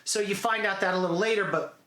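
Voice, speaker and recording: A man giving a casual, animated movie recap, chatty and full of "dude" and "okay". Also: high-pitched, fast, reverberant. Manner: animated storytelling, acts out quotes. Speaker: movie reviewer.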